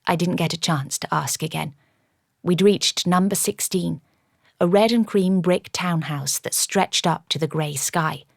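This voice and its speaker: A woman with a low, gravelly voice reads a first-person audiobook in a measured, even way. The recording is dry and close, with no room sound. Her voice has a steady, grounded texture. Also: no echo. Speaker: audiobook narrator.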